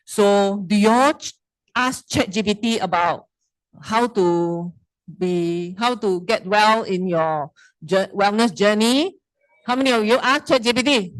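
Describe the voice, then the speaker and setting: A woman's voice: medium pitch, a little slow, no room sound, poor audio. A middle-aged woman with a Malaysian English accent gives a casual wellness seminar talk, chatty and teasing, quizzing the audience. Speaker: wellness presenter.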